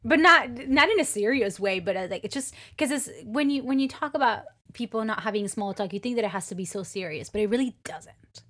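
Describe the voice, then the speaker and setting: Animated woman podcast co-host. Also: fairly high pitch, brisk. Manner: expressive storyteller, animated when excited. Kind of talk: casual chat. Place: Malmo.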